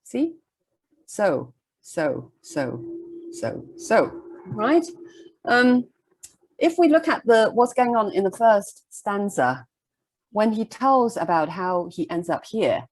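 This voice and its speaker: A middle-aged woman giving a recorded literature lecture, explaining a poem in a measured way and often checking in with "okay?". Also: medium pitch, sing-song, husky.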